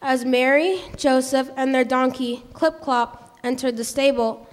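High-voiced woman narrating a storybook. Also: unhurried. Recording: reverberant hall.

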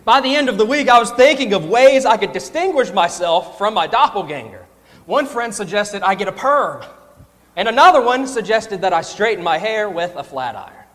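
A young man preaching a sermon, telling a humorous personal story in an animated storytelling manner. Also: high-pitched, normal speed, long reverb tail.

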